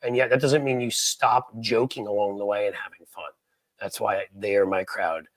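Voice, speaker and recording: A man's voice: fairly low pitch, fairly even intonation, normal speed, no room sound. A middle-aged man from New York City hosting a casual live stream, joking, rambling and poking fun at himself. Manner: joking, rambling, self-deprecating. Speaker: host.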